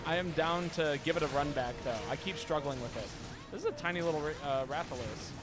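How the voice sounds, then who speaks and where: A man chats casually over a live game stream, his voice sitting a little high for a man. He is playful and keeps tripping over repeated words. Game music plays clearly behind him. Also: a little fast. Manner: playful, stammering word repeats. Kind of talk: casual live-stream chat while gaming.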